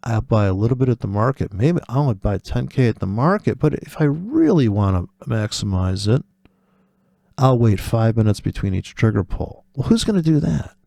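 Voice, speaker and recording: Gravelly, profane man ranting off the cuff. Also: mid-range voice, very animated, normal speed, mellow, no room sound. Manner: sardonic, profane, wanders off on tangents; acts out imagined voices in quotes. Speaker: forex trading video host. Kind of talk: rambling casual monologue.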